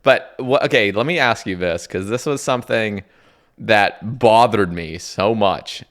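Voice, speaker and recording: A young man from Oregon hosts a podcast in a low, relaxed voice. He talks casually, swears freely and laughs easily. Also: unhurried. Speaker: podcast host. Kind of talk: casual chat.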